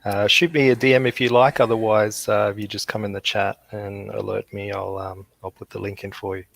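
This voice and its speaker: A man hosting a livestream over a video call, talking in a relaxed, drawn-out way. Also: on the low side, gravelly, no room sound. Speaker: livestream host. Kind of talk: casual livestream chat.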